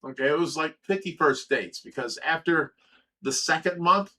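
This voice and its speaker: A man's voice: fairly high pitch, normal speed, bright, forceful tone. A middle-aged man from Ohio hosting a livestream, telling a story casually, swearing freely and stammering over repeated words. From Ohio, USA. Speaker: livestream host.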